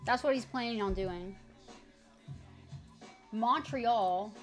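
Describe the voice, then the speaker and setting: A high-pitched American woman chats to her live-stream audience at a relaxed, slow pace. She talks casually and tries out French words aloud. Faint music plays in the background. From United States. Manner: chatty, practicing French words aloud with viewers.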